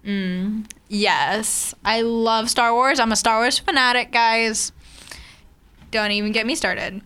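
A woman's voice: fairly high pitch, steady tone, slow pace, sharp tone, clear, resonant tone. A woman co-hosting a casual chat, rambling and full of fillers and self-corrections. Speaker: co-host.

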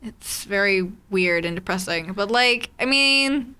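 Bright, clear-voiced rambling woman. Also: medium pitch, lively intonation, a little slow. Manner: chatty, rambling, many fillers and self-corrections. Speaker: co-host. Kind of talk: casual chat.

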